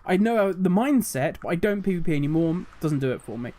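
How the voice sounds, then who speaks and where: A man's voice: high-pitched, animated, a little fast, dark tone. A man hosting a gaming channel, ranting animatedly with exasperated rhetorical questions. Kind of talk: casual commentary rant.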